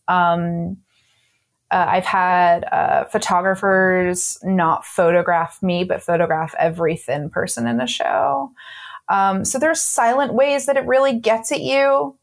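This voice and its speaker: A woman's voice: mid-range voice, measured pace, gravelly. A woman speaking in an interview as a burlesque performer, frank and sassy, with many ums and frequent laughs. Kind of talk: candid interview talk.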